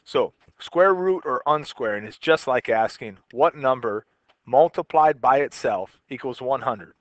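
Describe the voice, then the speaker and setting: A man's voice: medium pitch, lively intonation, a little slow, no echo, lo-fi sound. A man teaching a recorded math lesson in a casual way, explaining step by step while he writes. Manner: casual, talks while writing, repeats and restarts.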